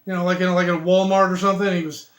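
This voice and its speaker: Halting amateur joke teller, male, high pitch, echoey room. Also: flat delivery, fairly bright tone. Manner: halting, many restarts and fillers, self-deprecating. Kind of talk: rambling joke telling.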